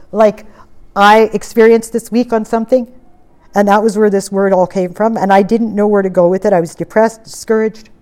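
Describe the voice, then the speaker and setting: An impassioned woman preacher delivering a sermon, her pitch sitting in an ordinary middle range for a woman. She exhorts with emphasis and swings between loud declarations and hushed, low asides.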